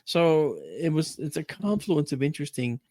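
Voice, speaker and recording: A man's voice: on the high side, sing-song, normal speed, darkish tone, no room sound. A man hosting a talk show, chatting casually and telling rambling, emphatic stories. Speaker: radio show host. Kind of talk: casual storytelling chat.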